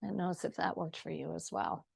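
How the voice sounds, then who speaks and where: A woman's voice: lowish voice, a little fast, vocal fry, slightly rough. A woman leading a movement exercise class, chatty and encouraging, a little out of breath. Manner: chatty and encouraging, with self-deprecating asides. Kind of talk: guided exercise class instruction.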